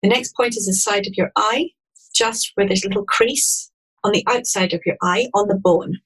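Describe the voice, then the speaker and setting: Woman, gentle guided instruction, calm, husky tone. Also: mid-range voice, normal speed, poor audio. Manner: gentle, calm, step-by-step explaining. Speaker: EFT practitioner guest.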